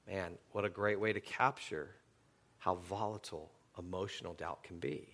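Preaching at normal speed in a low voice, this middle-aged pastor tells stories through his sermon, his delivery jumping lively from loud to hushed.

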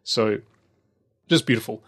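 A man's voice: lowish voice, measured pace, fairly bright tone. A middle-aged man telling a travel story in casual chat, rambling with many fillers and restarts.

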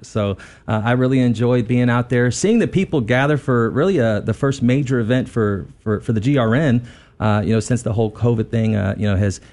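A man's voice: mid-range voice, fairly quick, darkish tone. A man co-hosting a radio talk show, speaking earnestly with many fillers. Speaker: radio co-host.

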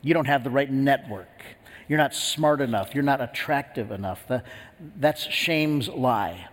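A man's voice: mid-range voice, unhurried, long reverb tail. A man preaching a sermon, earnest and storytelling, with frequent restarts. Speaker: pastor.

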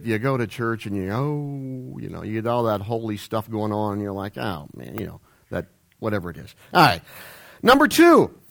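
A man's voice: mid-range voice, fairly bright tone. A man preaching a humorous sermon in a church, rambling and jokey with self-deprecating asides. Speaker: pastor. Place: church sanctuary.

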